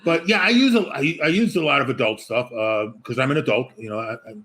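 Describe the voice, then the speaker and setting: A man's voice: mid-range voice, a little fast, a bit bright. A man talking as an author guest in a casual interview, rambling and joking with many restarts. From Chicago.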